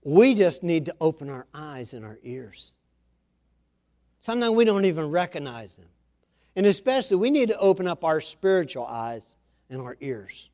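A pastor delivers his sermon in a fairly high voice for a man. He talks with his congregation in an easy, chatty way and names people in the pews. He often builds to loud, emphatic preaching. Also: big pitch swings, normal speed. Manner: conversational, calls on members of the congregation by name.

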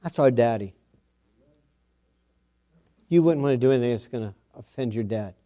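Warm and mid-range, this middle-aged man's voice moves at a normal speed with frequent pauses. Preaching a sermon, he shares a family story in homespun, folksy fashion, echoing phrases for emphasis.

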